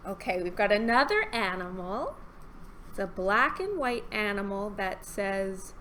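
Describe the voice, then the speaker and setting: A woman's voice: medium pitch, expressive, measured pace, a bit bright, a little hiss or hum. A woman hosting a children's storytime in a playful, coaxing, sing-song way. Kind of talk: children's storytime reading and singing.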